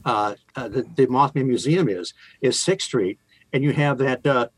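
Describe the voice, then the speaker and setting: A man working as a museum tour guide, telling chatty stories in an interview with a playful, deadpan humor. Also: mid-range voice, normal speed, slightly rough, no room sound, rough recording. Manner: chatty, lots of fillers and restarts, playful deadpan jokes. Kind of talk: enthusiastic interview storytelling.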